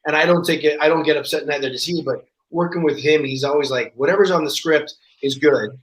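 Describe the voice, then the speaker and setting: A man chatting as a guest on a podcast, telling anecdotes with lively energy. His voice sits a bit high and he slips into other people's voices as he quotes them. The sound is roomy, with a noticeable echo. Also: quick pace. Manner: animated storyteller, acts out quoted voices. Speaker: guest actor. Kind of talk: casual podcast chat.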